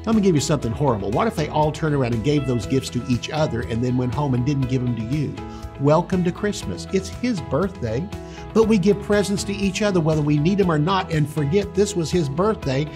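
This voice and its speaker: An older man, a pastor, teaching a sermon with a husky voice and emphatic, drawn-out stresses on key words. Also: a little high, expressive, music in the background.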